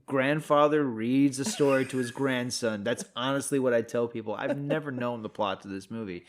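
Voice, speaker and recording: A man's voice: medium pitch, normal speed, slight background noise. Picture a man with a middle-range voice chatting on a podcast, loose and jokey, spinning a silly what-if ending as he goes. He drops into little acted-out quotes and laughs along with his co-host, easy and conversational throughout. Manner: playful, spins comic what-if scenarios with acted quotes. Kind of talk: casual chat.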